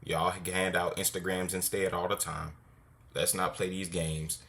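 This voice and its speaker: A man's voice: low-pitched, level tone, a little slow, fairly bright tone. A man commenting on a clip in a lecturing, dismissive way, then telling it to go on.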